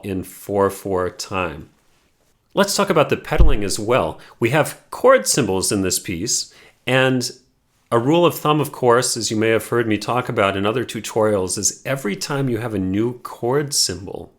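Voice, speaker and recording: A man teaching a piano lesson, explaining patiently and sometimes singing a melody line softly and slowly. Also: mid-range voice. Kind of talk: piano tutorial.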